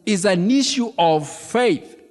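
A man preaching a sermon as pastor, animated and emphatic, repeating key phrases and throwing questions to the congregation. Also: sits high, takes it slowly. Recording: long reverb of a large hall.

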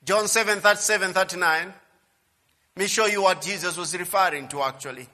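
A male pastor preaching a sermon emphatically, swinging from quiet asides to loud, repeated declarations. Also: high-pitched, normal speed, big-room sound.

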